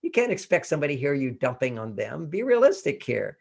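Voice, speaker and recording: An older man telling personal stories and giving relationship advice in a live interview, animated and often laughing. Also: a little high, fast, gravelly. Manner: animated storyteller, acts out quotes, laughs often. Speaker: relationship author and guest.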